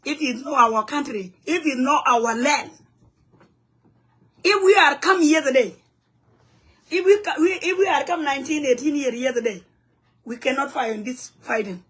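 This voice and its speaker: Speaking from home in the U.S., this high-voiced woman from South Sudan rants angrily into the camera as a community vlogger. A native Nuer speaker, she is heated and blunt, blending broken English with Nuer phrases at a normal speed, her slightly bright voice pausing often.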